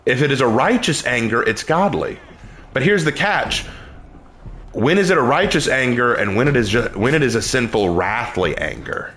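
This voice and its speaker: A man's voice: expressive, moderate pace, fairly bright tone, a little hiss or hum. Emphatic man preaching on a stream. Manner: earnest, emphatic, pitch swings when preaching. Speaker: streamer answering chat questions on faith. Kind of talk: casual live-stream chat, preaching.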